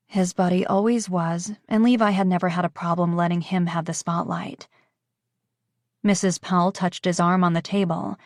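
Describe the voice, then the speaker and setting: A woman narrating a romance audiobook in a calm, even reading. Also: on the low side, moderate pace, no echo, studio quality. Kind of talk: scripted narration.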